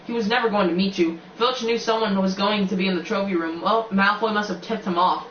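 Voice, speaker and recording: A man playing a know-it-all schoolgirl, snappish and scolding, high voice, roomy muffled sound. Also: steady tone, a little fast, a bit bright, a little hiss or hum. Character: bossy know-it-all schoolgirl, sharp-tongued. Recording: echoey, distant, muffled home recording.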